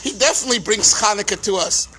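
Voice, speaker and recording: A man, a rabbi, giving a farbrengen teaching talk with animated storytelling and emphatic repetitions. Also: high voice, fast talker.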